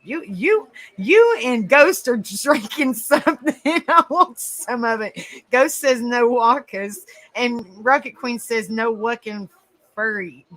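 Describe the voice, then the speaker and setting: Southern woman, live-stream host; leisurely pace, slightly high, cheerful and chatty. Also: expressive, slow, fairly bright tone, poor audio. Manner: chatty, giggly, greets viewers by name. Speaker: livestream host. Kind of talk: casual live-stream chat.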